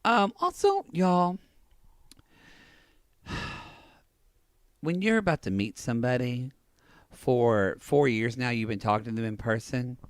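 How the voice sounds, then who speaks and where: A man's voice: medium pitch, no echo. A man co-hosting a podcast, recapping reality TV in a campy, crude and teasing way. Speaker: podcast co-host. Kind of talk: casual reality-TV recap chat.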